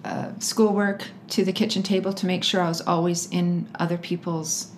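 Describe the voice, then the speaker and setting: A woman as an interview guest, talking earnestly and haltingly, breaking into nervous laughs. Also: fairly low pitch, flat delivery, a little hiss or hum. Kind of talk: personal storytelling in conversation.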